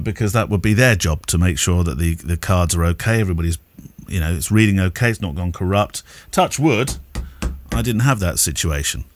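A man's voice: low voice, no echo. A man co-hosting a casual photography podcast, giving wedding advice in a chatty way and laughing easily.

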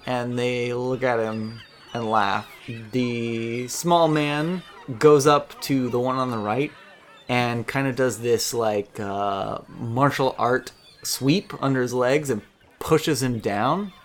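A man's voice: medium pitch, slow, a little hiss or hum. A man narrating a tabletop game as game master, chatty and laughing often.

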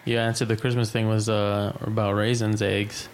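A young man chatting casually with his family, rambling and halting as he jokes. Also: fairly low pitch, flat delivery, a little hiss or hum. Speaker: son.

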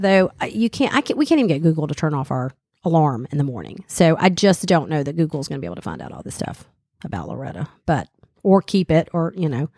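A middle-aged Southern woman chatting on air with a co-host, her voice sitting on the low side for a woman. She talks in a loose, animated way, full of "you know" and restarts. The sound is close and dry, with no room around it. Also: dry recording. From American South. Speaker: radio co-host. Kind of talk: casual chat.

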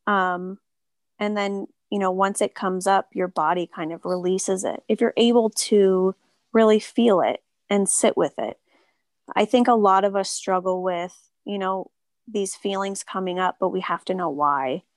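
A woman who practices Reiki talks casually and softly in an interview, with many filler words. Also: medium pitch, a little slow, no room sound. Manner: soft-spoken, lots of filler words. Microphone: remote call.

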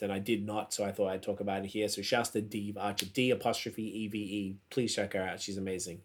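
A man co-hosting a podcast, chatting casually with loose, profane and animated storytelling. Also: fairly low pitch, fast, hardly any pauses. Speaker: podcast co-host. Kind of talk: casual chat.

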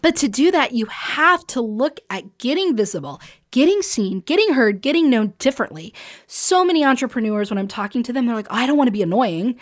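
Chatty higher-voiced woman podcast host. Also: big pitch swings, a little fast. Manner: chatty, emphatic, laughs often, acts out quotes. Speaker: podcast host and business coach. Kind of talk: solo podcast talk.

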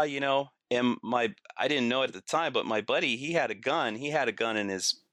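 A man's voice: mid-range voice, moderate pace, few pauses, fairly bright tone, dry recording, studio quality. A man guesting on a podcast, telling stories casually, acting out quotes and laughing through them. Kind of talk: casual storytelling.

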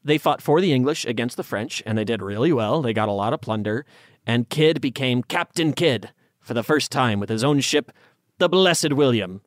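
A man's voice: mid-range voice, animated, normal speed, no echo, clean studio sound. A man co-hosting a casual storytelling chat, joking and slipping into silly voices now and then. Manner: jokey, puts on silly voices. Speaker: podcast co-host.

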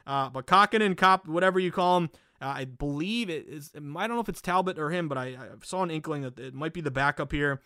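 A man with a Boston accent hosting a solo sports betting podcast, talking energetically with lots of fillers and quick self-corrections. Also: a little high, sharp tone, no echo, clean studio sound.

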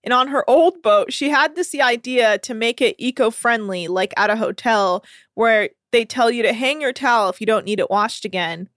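A woman's voice: on the high side, normal speed, fairly bright tone, no room sound, studio quality. A woman podcast host recapping a reality show in casual, profane, laughing chat.

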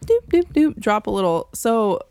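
A woman's voice: mid-range voice, sing-song, moderate pace, a little mellow, smooth, dry recording. Young woman, podcast co-host, casual chat, swears a lot, dry close sound. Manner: chatty, laughing, swearing storyteller.

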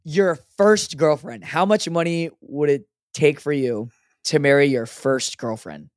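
A young adult man co-hosting a podcast, telling animated stories and saying "dude" a lot. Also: a little high, measured pace, dry recording, studio quality. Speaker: podcast co-host. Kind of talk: casual chat.

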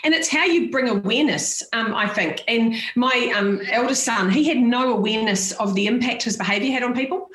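A woman's voice: on the high side, fairly quick, hardly any pauses. Blunt woman, roomy echo. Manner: blunt, frank and animated, laughs often. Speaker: podcast guest. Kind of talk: casual chat.

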